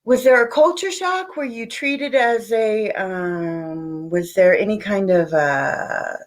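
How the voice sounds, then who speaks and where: A woman hosts a casual podcast interview over a video call. She rambles through her questions, stacks up fillers and breaks into giggles. Her pitch sits at an ordinary middle height for a woman. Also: takes it slowly. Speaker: podcast host.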